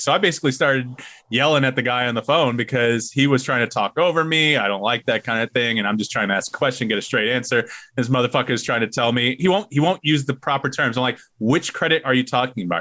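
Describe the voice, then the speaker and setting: A man co-hosts a podcast and rants through a story with plenty of profanity. His voice is bright and forceful. The sound is close and dry. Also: medium pitch, no echo. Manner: swearing, animated ranting storyteller. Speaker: podcast co-host. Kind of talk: casual chat.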